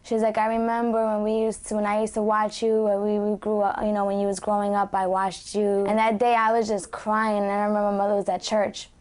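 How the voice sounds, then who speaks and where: A woman's voice: medium pitch, monotone, fairly quick, few pauses, darkish tone. A woman speaking casually about her grandmother in a documentary interview, peppering her story with "like". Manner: casual, storytelling, lots of 'like'.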